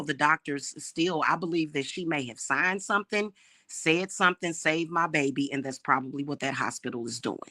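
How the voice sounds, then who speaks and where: Woman streamer, bright and edgy voice, fiery profane rant, stumbles over repeated words. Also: deep voice. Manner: profane, heated, repeats words when worked up; addresses viewers as y'all. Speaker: livestream host. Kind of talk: casual ranting livestream.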